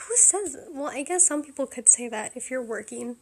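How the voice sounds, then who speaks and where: A woman's voice: high-pitched, lively intonation, normal speed, a little mellow, breathy edge. A young woman hosting a solo podcast, talking in a frank, opinionated, casual way with lots of fillers and laughs. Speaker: podcast host.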